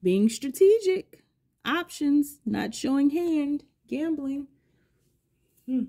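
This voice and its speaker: A woman's voice: high-pitched, expressive, slow pace, pauses often, warm tone. A middle-aged woman giving a collective tarot reading, musing aloud and asking the universe the same questions again and again as she pulls cards. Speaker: tarot reader.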